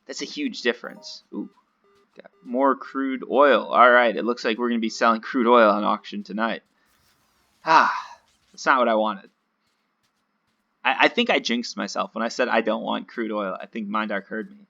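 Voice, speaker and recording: A man's voice: lowish voice, normal speed, vocal fry, pushed and bright, dull audio. A man giving casual, rambling, self-mocking commentary while playing a video game. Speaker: gaming video host.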